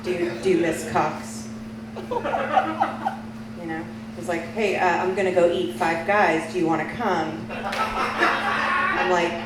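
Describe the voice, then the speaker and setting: Low-voiced woman doing a stand-up set. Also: sing-song, takes it slowly, pauses often. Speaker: stand-up comic. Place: small bar lounge stage. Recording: echoey room, mic far off, noisy.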